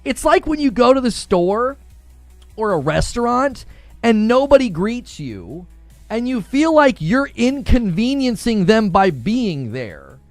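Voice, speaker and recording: A man's voice: very high voice, sing-song, unhurried, no echo, faint music behind. A man streaming live, chatting with viewers and laughing often as he acts out mock dialogue. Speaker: gaming streamer.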